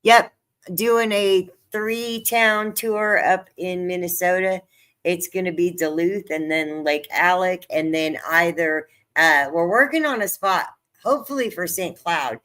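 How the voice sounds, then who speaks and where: A woman's voice: fairly low pitch, measured pace, a bit bright. An older woman chatting casually to viewers on her own livestream, talkative and easily moved, laughing often. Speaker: livestream host. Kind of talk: casual live-stream chat.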